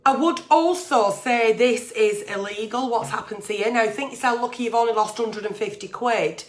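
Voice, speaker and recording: A woman's voice: on the high side, normal speed. Blunt, sweary woman. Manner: blunt, sweary, plain-spoken; chatty, reads letters aloud then answers. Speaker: agony aunt livestream host. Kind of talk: casual advice livestream.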